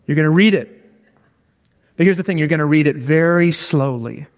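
A man's voice: fairly high pitch, moderate pace, in a large hall. A man giving a conversational sermon who keeps checking in with his listeners with "okay?" and "all right?". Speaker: preacher.

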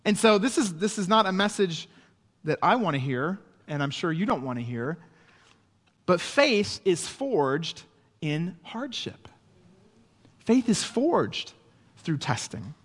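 A man's voice: high-pitched, big pitch swings, takes it slowly, pauses often, fairly bright tone, breathy edge, long reverb tail. A man preaching a sermon in a conversational way, often checking in with his listeners. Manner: conversational preaching with frequent "right?" asides. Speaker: pastor.

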